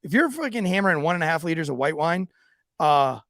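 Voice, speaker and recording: A man, a former police officer, co-hosting a podcast and telling profane, animated stories in casual chat. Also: fairly high pitch, fast, no room sound, clean studio sound.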